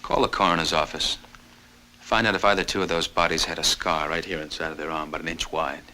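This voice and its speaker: An actor playing a wry police detective with a cold in a 1960s TV crime drama. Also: male voice, very deep voice, level tone, pushed and bright, exaggerated voice. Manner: brisk and wry. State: has a cold. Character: brisk, wry male detective fighting a cold. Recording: noisy old TV soundtrack.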